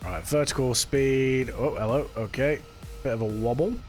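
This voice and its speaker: A man's voice: mid-range voice, moderate pace, a little mellow. A man chatting casually with his live-stream chat while he plays, swearing now and then. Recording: faint music behind.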